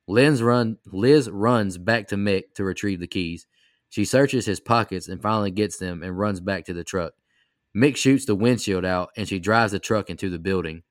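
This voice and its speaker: A man on a podcast reading out a film's plot recap in a brisk, steady way. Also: on the low side, no echo, studio quality.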